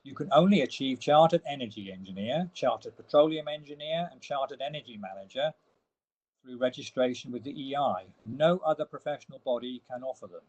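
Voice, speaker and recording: A man with a medium-pitched voice presents slides in an online webinar. He explains each point in turn and leans on the words he wants to stress. His pace is steady and methodical. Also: brisk, poor audio. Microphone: online webinar audio.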